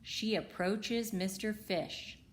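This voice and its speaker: A woman reading a children's picture book aloud in a slow, rhythmic way. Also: medium pitch, slight background noise. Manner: slow, rhythmic rhyming delivery. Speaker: storybook reader.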